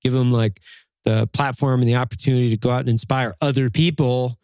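A man's voice: medium pitch, steady tone, brisk, a little mellow, clear, resonant tone, no room sound. A man hosting a casual podcast chat, talking bluntly and profanely in a motivational way.

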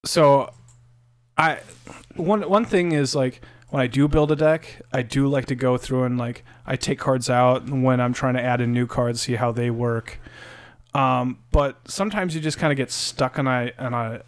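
A man's voice: medium pitch, moderate pace. Rambling male podcast co-host. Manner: rambling, filler-heavy, joking. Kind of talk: casual chat about card games.

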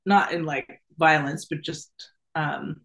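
A middle-aged woman, a guest in an interview, telling a personal story in a lively, casual way, laughing often and acting out the voices of the people in her story. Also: deep voice, slow, rough recording. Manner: animated, laughs often, acts out quoted voices.

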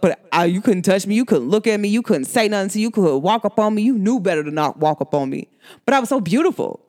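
Animated, laughing woman in casual chat. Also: mid-range voice. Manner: rambling, animated, laughs often, slangy. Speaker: astrology podcast host.

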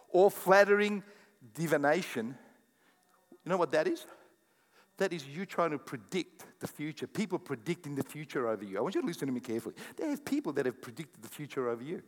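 High-voiced older pastor preaching. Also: male voice, normal speed. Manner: animated, jokey preaching with repeated words. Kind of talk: sermon. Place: church hall. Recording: echoey church hall sound.

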